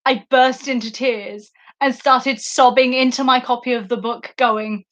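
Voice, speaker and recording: A woman's voice: fairly high pitch, fairly even intonation, a little slow, few pauses, fairly bright tone, lo-fi sound. A woman podcast host in a casual livestream book discussion, talking effusively and emotionally, often laughing and using fillers.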